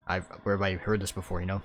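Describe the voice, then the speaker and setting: A man's voice: deep voice, slight background noise. A man casually commenting while reading a visual novel aloud, with hesitant fillers. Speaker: gaming video host. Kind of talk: casual let's play commentary.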